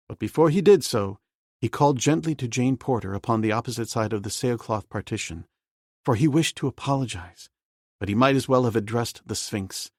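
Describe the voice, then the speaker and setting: A man reading a novel aloud as an audiobook narrator, in a steady, measured way. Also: medium pitch, no echo, studio quality.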